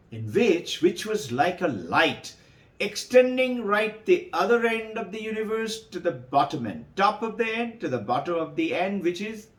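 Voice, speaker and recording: A man telling a sacred story to devotees as a spiritual teacher, animated and acting out the characters. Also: sits high, roomy sound.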